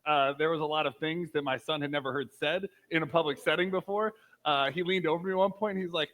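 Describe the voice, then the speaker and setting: A man's voice: a little high, fairly even intonation, fast, fairly bright tone, low-quality recording. A man in his thirties giving a casual, conversational sermon, telling a personal story with frequent fillers. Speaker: pastor.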